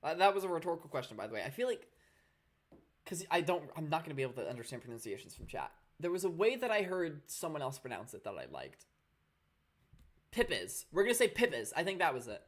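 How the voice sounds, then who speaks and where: Excitable woman streaming a game. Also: low-pitched, fast talker. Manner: chatty, excitable, playful. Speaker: gaming streamer. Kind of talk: live gameplay commentary.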